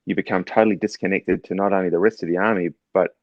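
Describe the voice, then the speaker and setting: A middle-aged man with a New Zealand accent, a guest telling stories in a relaxed, measured way with frequent fillers. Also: sits low, no room sound. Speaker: guest, former special forces officer turned doctor. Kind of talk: casual storytelling in conversation. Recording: slightly dull, muffled sound.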